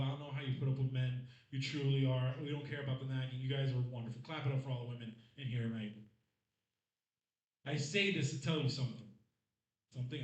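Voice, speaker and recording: A young male stand-up comedian doing a chatty set, teasing the crowd. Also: mid-range voice. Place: comedy club stage. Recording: echoey club room, from far off.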